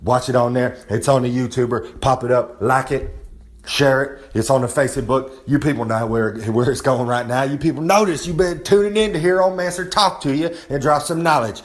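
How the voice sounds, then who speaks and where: A recurring segment's presenter, brash and quick to get heated, delivers a wrestling-style promo outside on a humid day. Speaking of himself in the third person, he brags, rambles, and swears freely in a middle-pitched voice at a moderate pace.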